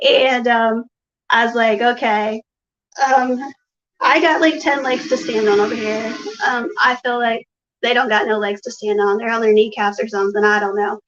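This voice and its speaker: A woman's voice: on the high side, steady tone, normal speed, a bit bright. A woman guest telling her personal story in a rambling way, retelling conversations with "he's like" and "I'm like". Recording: dull, muffled lo-fi audio.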